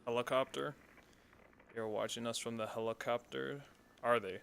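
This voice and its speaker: A man's voice: mid-range voice, steady tone, moderate pace, creaky, a bit bright, a little hiss or hum. Profane, sarcastic male game streamer. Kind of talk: casual gameplay commentary.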